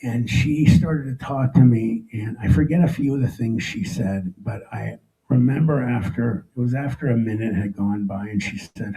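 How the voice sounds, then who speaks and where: Gravelly, dark-voiced middle-aged man. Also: mid-range voice, poor audio. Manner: emotional, halting, with frequent restarts. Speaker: speaker telling his own story. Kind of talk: live storytelling speech. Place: stage before a live audience.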